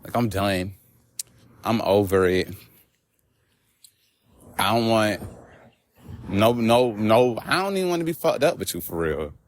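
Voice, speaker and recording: Profane, animated man ranting on a walk. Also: fairly low pitch, measured pace, long pauses. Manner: animated, profane, laughing asides. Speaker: vlogger. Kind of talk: casual storytelling rant. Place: outdoors on a walk.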